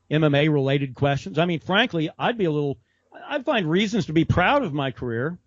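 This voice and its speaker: A man's voice: on the high side, no echo. Podcast co-host, male, loose rambling chat, lo-fi dry sound. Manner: rambling, laughing, quoting others in animated voices. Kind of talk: casual chat.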